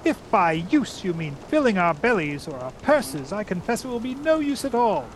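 A man's voice: sits high, sing-song, moderate pace, slight background noise, voice pushed up. Man putting on a lofty little mouse knight. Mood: proud. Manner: grand, formal, indignant. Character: valiant proud male talking mouse knight.

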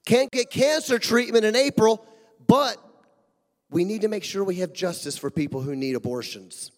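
Male pastor, high voice, emphatic sermon delivery, long hall reverb. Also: moderate pace. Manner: emphatic, rhetorical questions, swings between loud and hushed.

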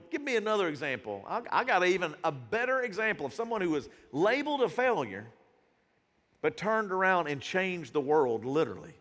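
A male pastor preaches with a high, lively voice that leaps up and down. His tone is bright and forceful and his talk is casual and full of slang. A long church reverb trails each phrase. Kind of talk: sermon. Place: church sanctuary.

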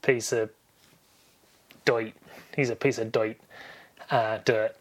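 A man's voice: medium pitch, flat delivery, moderate pace, a bit bright, close to an everyday voice. A man putting on the voice of a stern female afterlife caseworker, giving a blunt warning and stumbling over his words.

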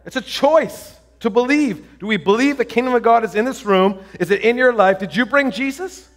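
Guy preaching, pretty high voice, gets super excited telling stories, keeps restarting sentences. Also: moderate pace. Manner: excited, storytelling, many restarts and fillers. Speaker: pastor. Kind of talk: sermon.

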